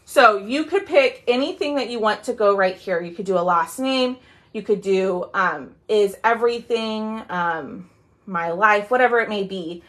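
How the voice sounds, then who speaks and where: In a casual livestream, a woman demonstrates a craft during a live sale and chats with viewers. Her voice is medium-pitched with a fairly bright tone. She's chatty, with many "um"s and a drawn-out "y'all."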